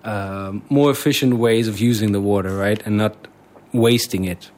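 A man's voice: lowish voice, fairly even intonation, moderate pace, a little mellow. A man co-hosting a radio show, chatting casually and hesitantly, with many fillers. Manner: hesitant, lots of fillers and restarts. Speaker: radio co-host.

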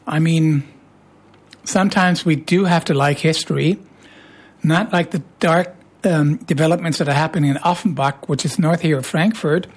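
Hoarse, teasing radio host. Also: medium pitch, moderate pace. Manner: playful, teasing, jokey. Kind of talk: casual radio chat.

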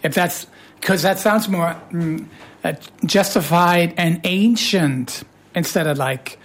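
A radio show host with a hoarse voice, chatting casually in a playful, teasing way. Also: medium pitch, takes it slowly.

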